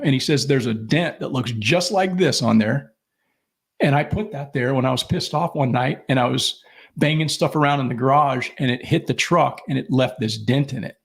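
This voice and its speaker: This podcast co-host, a middle-aged man, has a husky, medium-pitched voice and talks at a normal speed. His casual chat wanders from story to story, profane throughout, with quoted people acted out in character.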